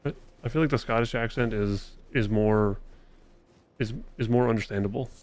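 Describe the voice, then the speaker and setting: A man with a fairly low, slightly mellow voice keeps a moderate pace as he live-streams his gameplay. He talks loosely with viewers, swearing a bit and wandering between thoughts.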